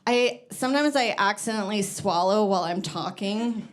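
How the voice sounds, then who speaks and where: A woman's voice: medium pitch, moderate pace. A woman doing a stand-up comedy set, chatty and full of fillers, chuckling at her own jokes and a little out of breath. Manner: conversational, many "like" fillers, laughs at own jokes. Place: comedy club stage with live audience. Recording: live crowd audible. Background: audience laughter.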